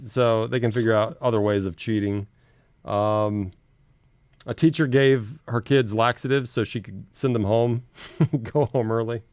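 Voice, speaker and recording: A man's voice: on the low side, steady tone, measured pace, darkish tone, clean tone, no room sound. A man hosting a casual chat show, running through the news with a chatty, laughing manner. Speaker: radio show host.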